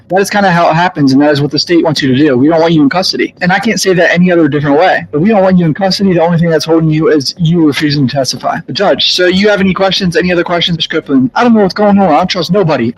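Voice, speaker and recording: Fast-talking man recapping a hearing. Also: on the high side, breathy edge, rough recording. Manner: quick, reads each speaker's name before their line, breaks in with blunt remarks. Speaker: show host recapping a court hearing. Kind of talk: reading out a court transcript with commentary.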